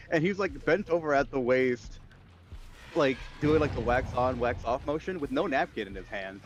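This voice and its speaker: Ein Mann im lockeren Gespräch während eines Spiele-Streams, der lebhaft erzählt und viel flucht. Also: male voice, medium pitch, moderate pace, lo-fi sound, background noise. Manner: animated storyteller, swears often. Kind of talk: casual chat on a game stream.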